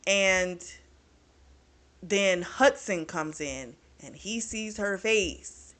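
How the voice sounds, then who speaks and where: A woman's voice: mid-range voice, drawn-out words. A woman recapping a book's plot in a casual, chatty way, with frequent swearing and lots of fillers. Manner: chatty, profane, animated retelling with lots of fillers. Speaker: book reviewer.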